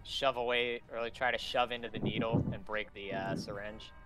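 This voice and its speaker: A man playing in a tabletop game, speaking softly and hesitantly. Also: on the low side, steady tone, moderate pace, low-quality recording. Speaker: player. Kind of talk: casual tabletop game talk.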